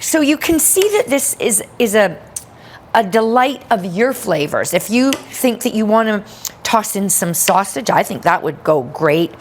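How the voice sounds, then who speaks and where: A woman's voice: mid-range voice, sing-song, a little slow. Woman, cooking demo, chatty, upbeat, kitchen, faint background hum. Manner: chatty, upbeat, playful asides. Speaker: cooking demonstrator. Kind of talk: cooking demonstration.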